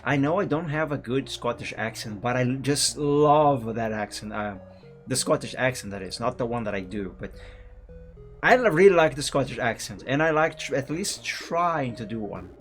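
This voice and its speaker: A man streaming a game and chatting casually, relaxed and rambling. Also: mid-range voice, moderate pace, faint music behind. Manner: relaxed, rambling, self-correcting. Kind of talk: casual gameplay commentary.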